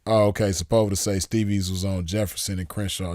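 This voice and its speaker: Laid-back low-voiced man telling stories. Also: steady tone, brisk, few pauses, a little mellow, no room sound, studio quality. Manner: laid-back, rambling, laughs easily, slangy. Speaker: show host. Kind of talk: casual storytelling chat with viewers.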